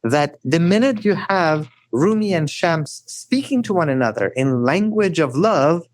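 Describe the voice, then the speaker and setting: A man telling stories as a guest scholar in a podcast interview, animated and often adding "right?". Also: unhurried, no room sound. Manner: animated storyteller, rising high for emphasis; frequent "right?" tags.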